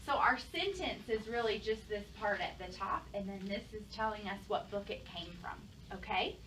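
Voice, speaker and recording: A woman's voice: mid-range voice, normal speed, fairly bright tone. A young adult woman teacher, leading a lesson for young pupils, praising answers and asking many questions. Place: classroom. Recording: distant mic, noisy classroom.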